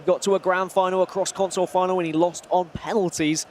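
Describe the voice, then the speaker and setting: High-voiced male color commentator. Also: level tone, quick pace, a little mellow, a little hiss or hum. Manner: analytical, chatty. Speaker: esports co-commentator.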